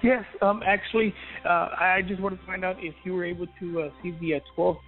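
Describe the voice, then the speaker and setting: A man calling in to a radio show, hesitant and halting, full of fillers and restarts. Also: high voice, steady tone. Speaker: caller. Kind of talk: call-in radio talk. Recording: tinny phone line with faint music.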